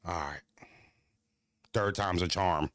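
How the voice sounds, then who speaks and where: A man hosting a live stream, telling a story casually to his chat in an animated, profane way that swings between high excited and low mocking tones. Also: slow pace, no room sound.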